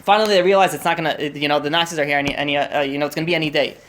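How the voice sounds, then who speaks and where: A man's voice: on the high side, fairly even intonation, a bit bright. A young man telling a long story to a group at a holiday meal, in a casual way with frequent restarts and fillers. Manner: rushed, restarts often, many fillers.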